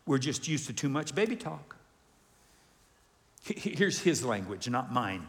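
A male pastor preaching a lively sermon, acting out quoted voices. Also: medium pitch, measured pace, gravelly, pauses often. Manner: animated, acts out quoted voices. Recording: reverberant hall.

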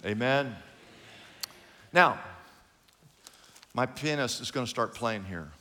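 An older man, a pastor, giving an emphatic, dramatic sermon in a large church, swinging between loud and soft. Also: mid-range voice, animated, slow pace, in a large hall. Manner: emphatic, dramatic preaching with sudden swings in loudness.

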